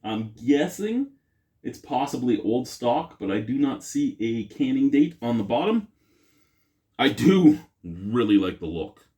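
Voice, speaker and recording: This deep-voiced man hosts a laid-back beer review vlog, rambling along and poking fun at himself. His pitch swings widely, his pace is unhurried, and his tone is warm and slightly rough. The audio comes from a camera mic, not a lapel mic.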